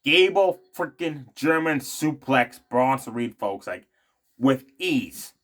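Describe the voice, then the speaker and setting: A man's voice: medium pitch, expressive, slow pace, fairly bright tone. A man giving a casual, opinionated recap of a wrestling show, rambling along with plenty of fillers and asides.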